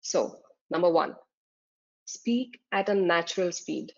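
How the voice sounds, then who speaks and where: A woman with a fairly low voice teaches from her slides, defining each term one by one and pausing on small fillers as she goes. The sound is dull and lo-fi, with the top end muffled. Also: vocal fry. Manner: explains terms step by step, with frequent fillers. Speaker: exam tutor. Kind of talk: slide-based lecture. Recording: dull lo-fi recording.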